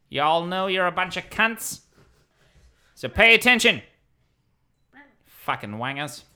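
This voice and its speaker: A man's voice: high-pitched, sharp tone, smooth, voice pushed up, heavily acted. A man voicing a foul-mouthed male school principal with an Australian accent, swearing and bossing a school assembly. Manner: swearing, bossy. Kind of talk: tabletop role-play comedy.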